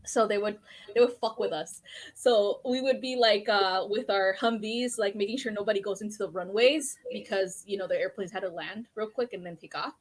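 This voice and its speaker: A woman's voice: mid-range voice, moderate pace. A woman guest in a casual podcast chat, telling stories animatedly, laughing a lot and swearing freely.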